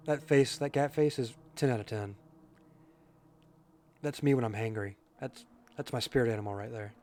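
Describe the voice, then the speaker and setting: A man's voice: medium pitch, moderate pace, pauses often, darkish tone. Joking male game streamer. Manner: joking, chatty, reads chat aloud. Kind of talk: casual gameplay commentary.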